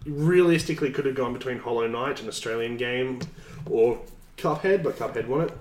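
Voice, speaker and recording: A man co-hosting a podcast in casual chat. He is opinionated, runs through the segments and gets lively when he argues a point. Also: medium pitch, a little fast, a little hiss or hum. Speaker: podcast co-host. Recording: echoey room.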